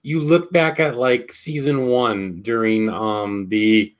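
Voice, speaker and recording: A man's voice: medium pitch, fairly even intonation, slow pace. A man co-hosting a casual chat, laid-back, chiming in with agreement and short asides. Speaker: podcast co-host.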